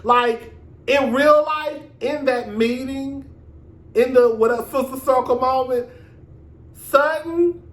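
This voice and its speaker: A man hosting his own reality TV review vlog, talking in a sassy, animated, profane gossip style with drawn-out emphasis. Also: extremely high pitch, echoey room. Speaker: reality TV reviewer, show host. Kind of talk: casual commentary vlog.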